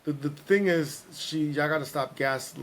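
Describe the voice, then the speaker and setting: A man hosting a podcast in casual, playful chat, animated and joking. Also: fairly high pitch, a little slow, a little hiss or hum. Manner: playful, animated, breaks into singing and impressions. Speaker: podcast host.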